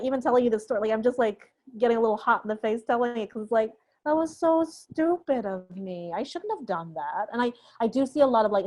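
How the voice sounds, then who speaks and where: A young adult woman guest on an interview, telling a story in a lively, laughing way and acting out the voices of the people in it. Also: a little high. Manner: animated, laughing, acts out quoted voices. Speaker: guest sound designer.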